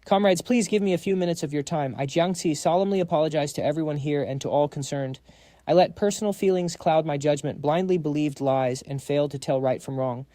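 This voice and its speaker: A man's voice: on the high side, a little fast, mellow, dry recording, studio quality, close to an everyday voice. A man voicing a proud woman scientist who pleads with her ex-husband in an earnest manner. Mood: remorseful.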